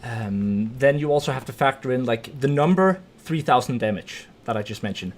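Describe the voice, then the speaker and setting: A man's voice: medium pitch, animated, moderate pace, a little hiss or hum. A young man from Denmark live-streaming a video game, reacting with swearing and yelps, then explaining game mechanics. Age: 20s. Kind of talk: casual live-stream gaming chat.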